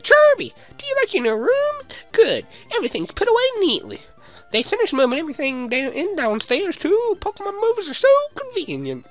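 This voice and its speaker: A man doing a high falsetto voice for a sweet, doting mother while reading game dialogue aloud. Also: huge pitch swings, a little fast, fairly bright tone, soft background music, full character voice. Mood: fussy. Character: sweet doting mother, middle-aged woman.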